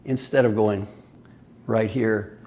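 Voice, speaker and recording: A man's voice: lowish voice, fairly even intonation, takes it slowly, dark tone. An older man giving a motivational talk as an executive coach, playful and emphatic, firing off rhetorical questions.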